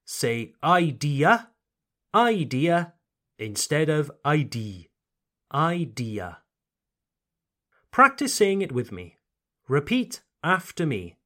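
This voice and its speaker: A man teaching English pronunciation on a podcast, speaking slowly and carefully over-articulating words, with short French phrases mixed in. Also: mid-range voice.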